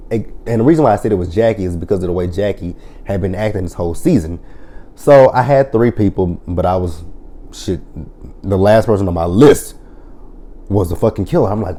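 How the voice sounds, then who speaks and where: Reviewer, male: low, mellow voice, swears freely, retells scenes with lively quoted lines. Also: brisk. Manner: profane, blunt storytelling. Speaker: TV show reviewer. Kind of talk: casual episode recap review.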